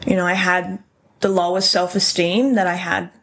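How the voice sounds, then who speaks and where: A woman's voice: on the low side, little pitch movement, moderate pace, a bit bright. A woman, a podcast guest, talking casually and telling a personal story, acting out the lines of the people in it. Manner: chatty storytelling, acts out quoted dialogue.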